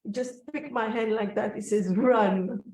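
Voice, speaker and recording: A woman telling a personal story in an interview, slow, reflective and emotional. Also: on the high side, a little mellow. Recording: echoey room, voice from a distance.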